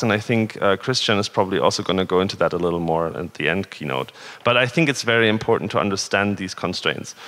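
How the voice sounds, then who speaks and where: A man's voice: on the low side, fairly bright tone. Earnest male conference speaker in hall. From northern Germany. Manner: conversational, earnest, rhetorical questions. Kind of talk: tech conference talk. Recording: reverberant hall.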